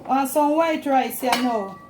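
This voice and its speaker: A woman's voice: high-pitched, slow, darkish tone, slight background noise. Chatty Jamaican woman cooking at home. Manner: chatty, mixes patois with standard English. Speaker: cooking channel host. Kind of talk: casual cooking demonstration. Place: home kitchen.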